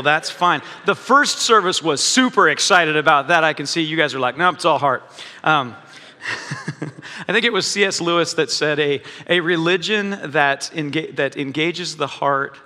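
A pastor delivers a casual, chatty sermon to his congregation, often restarting his sentences. His voice is bright and forceful. It rings out with a long reverb from a large church hall. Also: on the high side. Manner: conversational, many restarts and fillers.

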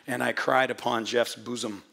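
Hoarse gravelly man preaching a sermon. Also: mid-range voice, fairly even intonation, moderate pace, background noise. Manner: chatty, joking, restarts often. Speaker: pastor. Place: church hall before a congregation.

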